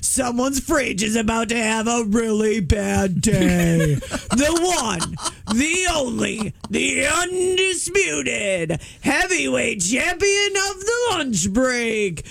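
A man co-hosting a radio show, reading an over-the-top hype introduction with theatrical shouting. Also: extremely high pitch, animated, slow, gravelly. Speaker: radio co-host.

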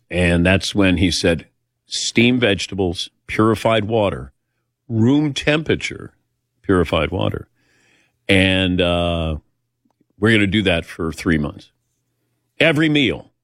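An older male host with a low, fairly bright voice tells personal stories in a chatty, self-deprecating way, performing the voices of the people he quotes. The recording has studio quality with no echo.

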